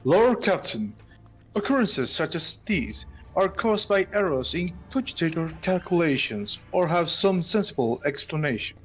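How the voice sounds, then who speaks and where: A man's voice: on the high side, big pitch swings, normal speed, soft background music, low-quality recording. A man voicing a cautious, respectful older male seneschal, pleading earnestly with his captain.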